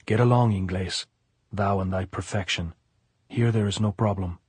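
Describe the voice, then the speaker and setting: A man voicing a tough, coarse middle-aged woman guerrilla in an audiobook, gruff and dismissive. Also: fairly low pitch, fairly even intonation, moderate pace, darkish tone, no echo. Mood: scornful. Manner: gruff, dismissive, bellowing from afar.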